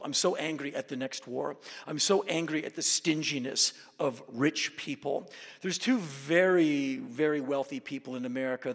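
A man giving a live storytelling talk to an audience as a guest speaker, intense and emphatic, with loud bursts. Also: mid-range voice. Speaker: guest speaker at a university event. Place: auditorium. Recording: reverberant hall.

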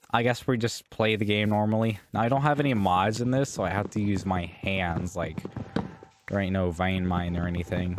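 A young man casually commenting while gaming, jittery and swearing, yelping when startled. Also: fairly low pitch. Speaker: gaming YouTuber. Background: music.

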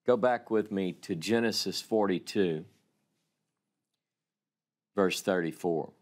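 A man teaching a Bible class, reading scripture aloud slowly and dramatically and explaining it. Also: low voice.

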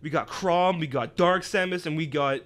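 A man hosting a reaction video, excitedly calling out what he sees and shouting in disbelief. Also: on the high side, moderate pace. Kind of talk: excited live reaction commentary. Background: trailer music playing.

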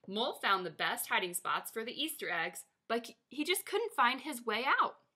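A woman teacher reading a children's picture book aloud to her class in a lively, expressive way. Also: fairly high pitch, normal speed, breathy edge.

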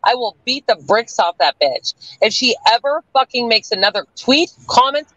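A woman's voice: on the high side, lively intonation, normal speed, bright, forceful tone, dry recording. Furious profane woman on dull stream audio. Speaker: livestream guest. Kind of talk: angry livestream rant. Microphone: online stream call audio.

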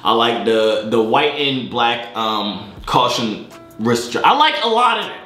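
Young male vlogger, high voice, hyped slangy jokes, roomy echo. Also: unhurried, faint music behind. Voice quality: high-pitched for a man. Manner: lively, joking, hyped-up slangy vlog talk. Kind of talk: casual vlog.

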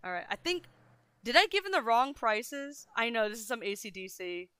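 Young woman, streamer, high voice, flustered, self-deprecating, swearing, dry close mic. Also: sing-song, normal speed, pushed and bright, smooth, no echo. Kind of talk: casual livestream talk to chat.

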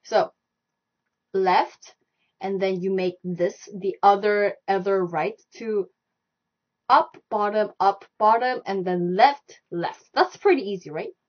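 A woman's voice: medium pitch, slow pace. A young woman teaching a live online Korean lesson, repeating stroke directions and sounds over and over as she demonstrates. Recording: dull lo-fi live stream audio.

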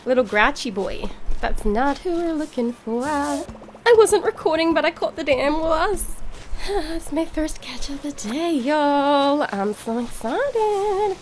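A young woman giving casual let's-play commentary, chatty and excitable, cheerfully swearing at the game. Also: high-pitched, slow pace, slight background noise. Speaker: gaming video creator.

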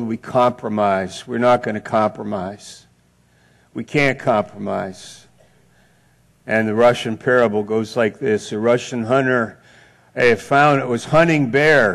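A male pastor preaching a sermon in a church, slow and deliberate, building on repeated phrases. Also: medium pitch. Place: church sanctuary.

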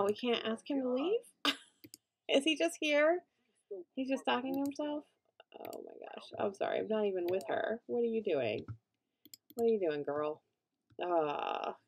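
A young woman giving chatty gameplay commentary as a let's play host, reacting loudly and laughing often. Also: a little high, very animated, a little slow.

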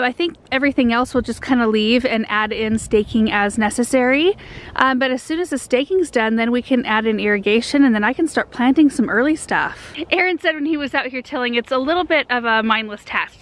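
Woman gardening host with a fairly high voice, rambling casually outdoors in her garden. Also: a bit bright. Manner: chatty and rambling, with frequent ums. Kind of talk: casual vlog walkthrough. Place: outdoors in a large home garden.

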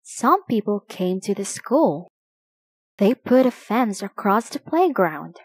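A woman reading a children's picture book aloud, slowly and expressively for young listeners. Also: mid-range voice, big pitch swings, husky, no echo. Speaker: storybook reader.

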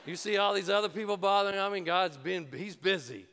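A man preaching a sermon as pastor in a large church, energetic and jokey, building to shouts. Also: high voice, fairly quick, clear, resonant tone. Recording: reverberant church hall.

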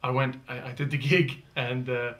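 A man with an American accent, a comedian recalling a story in an interview with rambling pauses. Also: mid-range voice, level tone, fairly bright tone. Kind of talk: interview anecdote.

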